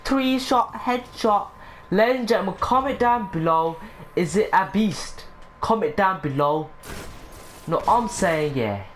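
A woman commentating her gameplay, excitable, breaking into high squeals, swearing and catchphrases aimed at her viewers. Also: measured pace, a little hiss or hum. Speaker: gaming channel host.

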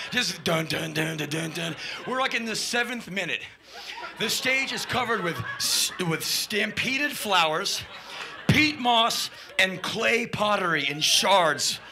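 A man telling a wild anecdote in an excitable, profane way, shouting and mimicking sound effects as he goes. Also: high voice, a little slow, creaky. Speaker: spoken-word storyteller.

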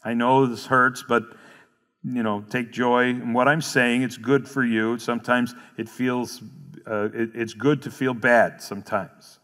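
A male pastor preaches in a church sanctuary, his mid-range, fairly bright voice keeping a measured pace and fairly even intonation. He earnestly explains verses and repeats key phrases, and the recording carries long hall reverb.

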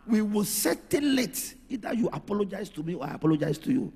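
A middle-aged man preaching a lively sermon, swinging from soft, intimate asides to loud shouts, with a raspy voice. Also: sits high, fast talker, hardly any pauses. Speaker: pastor. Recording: reverberant hall with music behind.

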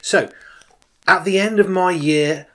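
A man in his forties, a children's minister, giving an informal, animated personal testimony as a sermon, with emphatic swings in loudness. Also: high-pitched, slow.

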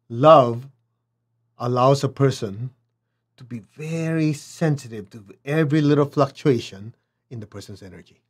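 A man teaching a spiritual lesson, who often checks in with his listeners and acts out little dialogues with big swings in pitch. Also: normal speed, husky. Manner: asks listeners to check in, "okay?", "make sense?".

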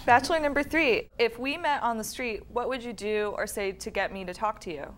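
A woman on a mock dating show, asking questions in a relaxed, playful way. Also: on the high side, brisk, a little hiss or hum. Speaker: contestant. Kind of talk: casual game show questions.

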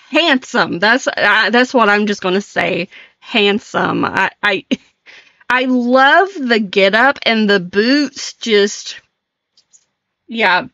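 A woman's voice: fairly high pitch, fairly bright tone, dry recording, muffled recording. A woman streamer chatting casually on a live stream, giggly and flustered, laughing often as she reacts.

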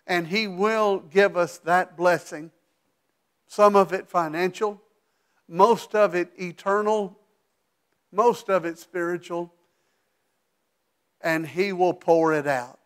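A man with a high voice preaches a sermon from a church sanctuary. His delivery is animated, swelling to emphatic peaks and then falling to a hushed tone for asides. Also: takes it slowly, clean tone. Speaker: pastor.

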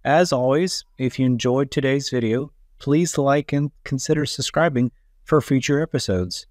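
A man narrating a children's story aloud, gentle and deliberate. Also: medium pitch, dry recording, clean studio sound.

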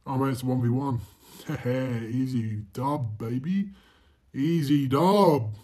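A man's voice: mid-range voice, takes it slowly. Foul-mouthed young man commentating a race. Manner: profane, self-mocking, bursts into loud exclamations. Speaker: gaming channel host. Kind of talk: racing game commentary.

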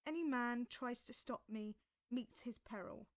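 A woman's voice: fairly high pitch, measured pace. A woman voicing a huge, fierce male knight in a storybook reading, with a snarling, menacing delivery. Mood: stern.

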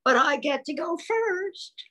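A woman's voice: high voice, lively intonation, slow, fairly bright tone, pitched above the performer's own voice, exaggerated voice. A woman voicing a boastful, possessive young female caterpillar in a children's storybook. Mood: bossy.

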